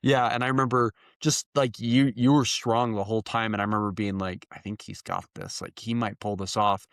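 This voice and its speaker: A man hosting a podcast in casual interview chat, excitable and laughing a lot as he talks in quick bursts. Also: on the low side, smooth, no room sound, clean studio sound. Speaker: podcast host.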